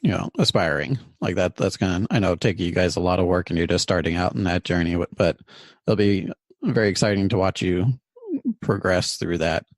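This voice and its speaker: A male podcast host chats casually and agreeably, often pausing with fillers. His voice sits very low and has a gravelly edge. The sound is dry and close. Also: no room sound. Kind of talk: casual interview talk.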